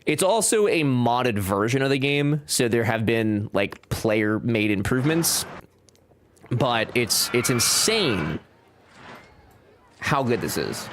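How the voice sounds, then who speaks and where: Animated, joking male game streamer. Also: medium pitch, takes it slowly, a little hiss or hum. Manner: jokey, animated, reads chat aloud. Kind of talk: casual live-stream chat over gameplay.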